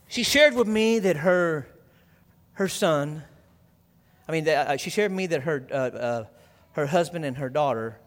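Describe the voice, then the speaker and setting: A man preaching a sermon as pastor, telling a story quietly and then building to loud, fervent preaching. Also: mid-range voice, in a large hall.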